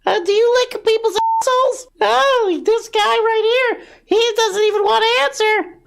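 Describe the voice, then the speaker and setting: A man putting on a high, squeaky falsetto to mock a male pundit. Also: fairly even intonation, moderate pace, vocal fry, fairly bright tone, full character voice. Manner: mocking falsetto.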